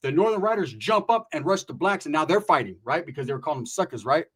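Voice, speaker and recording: A man tells a story in loose street slang. He keeps checking in with his listener and swears freely as he goes. His delivery is animated and conversational. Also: fairly high pitch, quick pace, husky. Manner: animated, profane street slang with frequent "right?" tags. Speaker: storyteller recounting prison experiences. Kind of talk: casual storytelling.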